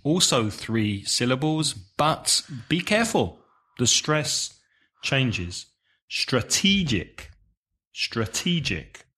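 A man's voice: mid-range voice, very animated, slow pace, bright, forceful tone, husky. A man co-hosting a teaching podcast, reading listener questions and carefully explaining word stress and syllables. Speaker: podcast co-host, English teacher.

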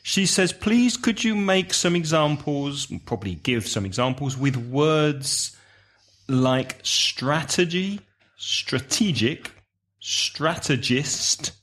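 A man co-hosting a teaching podcast, reading listener questions and carefully explaining word stress and syllables. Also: medium pitch. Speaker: podcast co-host, English teacher.

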